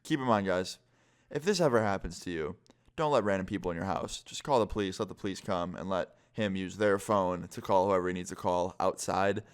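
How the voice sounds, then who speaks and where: A young man tells a scary story straight to camera in a casual vlog. His voice sits a little low and comes across smooth and clear. He swears freely and fills his sentences with "like.". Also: a little fast. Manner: casual, heavy swearing, lots of "like". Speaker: vlogger.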